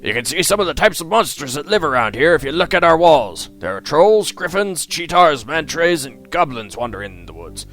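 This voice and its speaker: A man's voice: a little high, big pitch swings, brisk, hardly any pauses, fairly bright tone, pitched above the performer's own voice. A man voicing a genial old male guildmaster, a retired adventurer who reminisces in a chatty, friendly way over faint guitar music.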